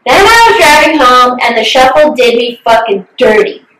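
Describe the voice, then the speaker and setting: Young woman, casual chat, candid, swears a lot, slightly high voice, roomy echo. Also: expressive, normal speed, a bit bright. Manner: candid, swears freely, emotional storytelling. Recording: roomy, distant from mic.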